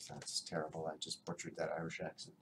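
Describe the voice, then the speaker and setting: A man's voice: a bass voice, completely flat delivery, fast talker, fairly bright tone, breathy edge. A man who collects records, casually and enthusiastically showing off his finds in a rambling way. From Canada. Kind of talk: casual show-and-tell.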